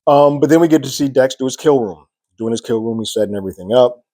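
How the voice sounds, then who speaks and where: A man recapping a TV episode in a loose, chatty way, quickly acting out the characters' lines as he goes. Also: medium pitch, warm tone, dry recording. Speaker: TV recap reviewer. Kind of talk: casual recap monologue.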